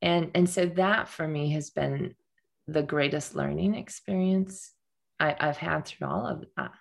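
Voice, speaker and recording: Brief: middle-aged woman guest, low gravelly voice, earnest storyteller who stumbles and repeats. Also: measured pace. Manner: earnest, frequent restarts and repetitions. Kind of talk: personal storytelling in conversation.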